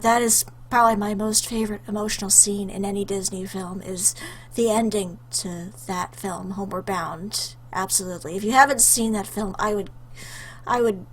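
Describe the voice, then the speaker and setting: A woman's voice: medium pitch, a bit bright, husky. A young woman chatting casually to her webcam, rambling with lots of fillers and restarts, choked up with emotion. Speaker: YouTuber answering a questionnaire.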